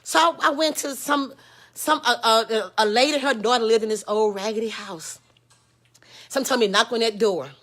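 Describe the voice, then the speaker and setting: A Texas woman, candidly telling a personal story, frank and profane, swinging from loud outbursts to hushed lows. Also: moderate pace. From Houston, Texas. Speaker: host.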